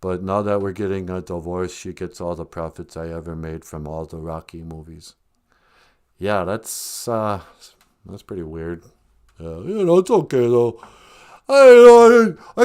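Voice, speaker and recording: A man impersonating a laid-back, mumbling tough-guy boxer movie star, with a low, slurred drawl. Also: moderate pace, darkish tone, lightly acted. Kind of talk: comedic impression.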